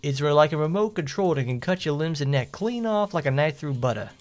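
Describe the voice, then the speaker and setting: A man's voice: on the high side, expressive, fairly quick, a little mellow, natural voice. A man voicing a cruel, mocking male soldier who gloats over his captives in a game story. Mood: gloating.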